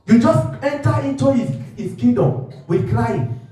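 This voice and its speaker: A man preaching a sermon as pastor, moving from quiet talk to fervent shouting. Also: very high voice, animated, unhurried. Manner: impassioned, swings from quiet to shouting. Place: church hall. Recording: echoey hall, mic far off, faint music.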